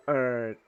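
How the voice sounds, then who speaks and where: A man's voice: medium pitch, a little mellow, clear, resonant tone, muffled recording. A man streaming casually while drawing, rambling with lots of restarts and swearing.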